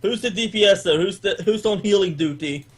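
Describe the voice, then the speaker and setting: A man playing in a tabletop game, excitable and hesitant as he thinks aloud. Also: high voice, fairly quick, breathy edge. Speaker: player. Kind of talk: casual tabletop game chat.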